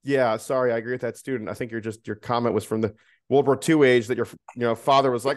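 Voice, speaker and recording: A man's voice: medium pitch, steady tone, quick pace, no room sound, clean studio sound. A man co-hosting a casual podcast chat, rambling and teasing with many restarts. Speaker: podcast co-host.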